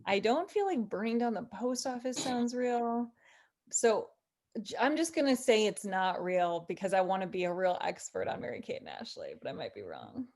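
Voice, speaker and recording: A woman guest in a casual chat, talking freely and laughing easily. She thinks out loud, with a voice in the middle of the range for a woman. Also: medium pitch, sing-song, normal speed.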